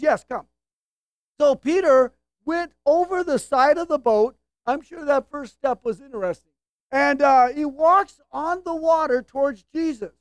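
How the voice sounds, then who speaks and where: A woman's voice: high-pitched, no room sound. A woman preaching a sermon in a conversational way, with humorous asides and rhetorical questions to her listeners.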